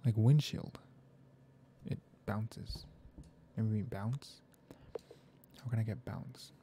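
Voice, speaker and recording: A gamer mutters through a crafting game, thinking aloud in a gravelly, very dark voice that keeps sinking to a half-whisper. Soft keyboard clicks and typing sit behind the talk. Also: mid-range voice, slow, slight background noise. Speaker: gaming video creator. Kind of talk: soft-spoken gaming commentary.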